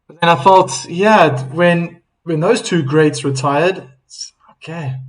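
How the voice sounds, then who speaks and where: On a live stream, a man gives loose, chatty play-by-play of a tennis match, his voice a little high for a man. He laughs easily and stops now and then to read viewer comments aloud and reply to them. The recording is rough.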